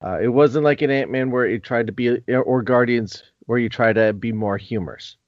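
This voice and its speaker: A man's voice: mid-range voice, moderate pace, no room sound, highs cut off. A man hosting a podcast, talking casually and rambling with restarts. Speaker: podcast host.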